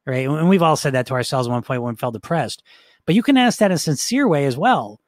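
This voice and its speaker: Guy coaching folks in a chill talk, kinda higher voice, keeps asking "right?", dry close sound. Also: lively intonation, quick pace, no echo. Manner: conversational, often checks in with the listener; frequent restarts and fillers. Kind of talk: casual teaching talk.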